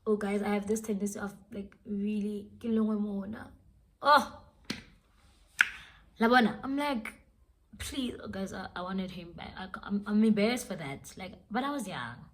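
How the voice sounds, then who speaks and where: A young woman with a South African accent, telling a dramatic personal story in a casual, lively way and switching between English and Sesotho phrases. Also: mid-range voice, a little fast, hardly any pauses. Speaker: vlogger.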